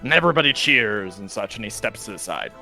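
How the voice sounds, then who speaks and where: A man's voice: fairly low pitch, lively intonation, fast, vocal fry, sharp tone, faint music behind. A man narrating a tabletop game as game master over voice chat, talking casually and meanderingly with many fillers.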